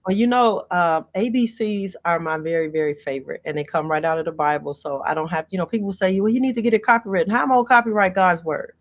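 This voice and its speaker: A woman's voice: lowish voice, lively intonation, fast talker, hardly any pauses. An earnest woman pastor from Gary, Indiana, talks as an interview guest. She grows emphatic and passionate as she recites a string of faith confessions.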